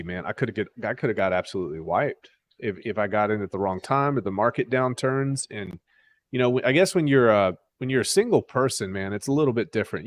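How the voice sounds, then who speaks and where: A man hosting a casual podcast, talking candidly and animatedly with frequent restarts. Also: mid-range voice. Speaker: podcast host. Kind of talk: casual crypto podcast chat.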